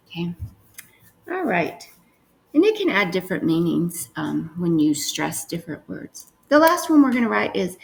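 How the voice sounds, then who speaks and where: A young woman teaching a recorded phonics lesson, dictating sentences slowly and sounding out words with care. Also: on the low side, sing-song, gravelly, poor audio. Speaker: reading teacher.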